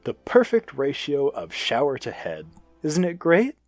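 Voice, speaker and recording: A man's voice: on the high side, lively intonation, measured pace, darkish tone, faint music behind, voice pushed up. A man voicing an eccentric human scientist who talks in a breezy, chirpy, oblivious way.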